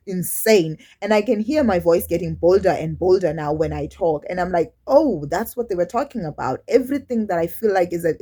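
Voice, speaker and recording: A woman speaks straight to her camera in a personal vlog, her voice sitting a little low. She talks candidly and haltingly, restarting sentences and slipping into quoted asides as she goes. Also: darkish tone. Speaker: YouTube vlogger.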